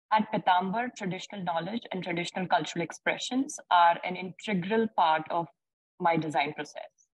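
A woman designer answering a panel question in measured, slightly formal phrasing. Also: fairly low pitch, breathy edge, no echo, low-quality recording.

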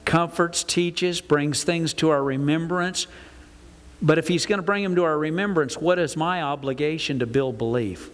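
An older man preaching a folksy, animated sermon to his congregation. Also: on the high side, moderate pace. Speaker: pastor. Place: church sanctuary. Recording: reverberant church hall.

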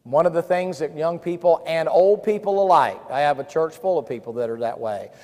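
A man's voice: on the high side, a little fast, darkish tone. A male pastor, preaching a sermon with emphatic, repeated phrases. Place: camp-meeting hall. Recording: reverberant hall.

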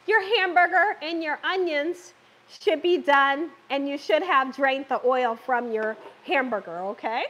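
A woman's voice: high voice, unhurried, fairly bright tone. A woman hosting a live cooking stream from her home kitchen, chatting with viewers and laughing often. She is getting over an illness. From Southern United States. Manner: chatty, talks to viewers and reads comments. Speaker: cooking show host.

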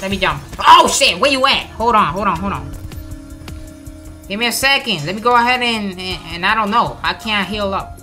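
Woman host for let's play commentary: excitable, slangy, taunting, animated pitch, over game music. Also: normal speed. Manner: excitable trash-talking, shouts taunts at enemies; slangy, swears often. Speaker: gaming channel host.

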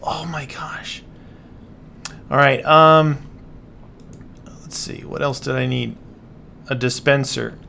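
A gaming channel host speaks slowly and steadily in a medium-pitched, gravelly voice with a sharp tone and long pauses, over slight background noise. In his casual let's-play commentary he sounds dismayed, repeatedly exclaiming and muttering to himself.

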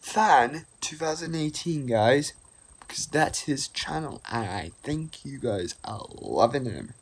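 A male channel host chats loosely to his viewers in a casual vlog, his pitch leaping up and down as he goes. He talks slowly and haltingly, tripping over words and restarting sentences. A faint hiss sits under the voice. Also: expressive.

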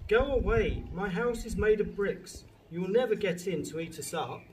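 A man doing a defiant shouting little pig. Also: sits high, animated, normal speed, voice pushed up. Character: bold little male pig in brick house. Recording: distant mic, noisy background with birds.

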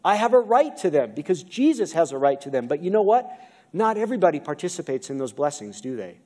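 A man's voice: on the high side, sing-song, fast, darkish tone. A man with an American accent preaching a sermon from the pulpit, asking the congregation questions as he goes. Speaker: pastor. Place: church sanctuary. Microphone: video-recorded pulpit mic.

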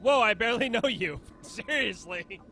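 A man's voice: high-pitched, expressive, normal speed, sharp tone, slight background noise. A playful young man giving casual commentary while playing a video game, often laughing and reading the game's lines aloud in put-on voices. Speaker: let's play host.

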